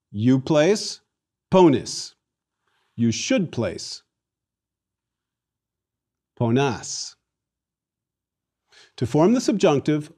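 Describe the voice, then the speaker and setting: In a recorded Latin lesson, a male teacher with a mid-range voice leads the class through repetition drills. He is animated and theatrical.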